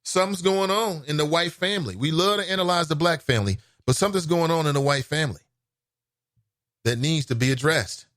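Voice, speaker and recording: A man's voice: on the high side, fairly quick, fairly bright tone, dry recording, clean studio sound. A man from Cincinnati hosting a call-in talk show, chatting casually and reacting to listener comments with exclamations. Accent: Cincinnati, Ohio. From United States. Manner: conversational, reacts with laughs and exclamations.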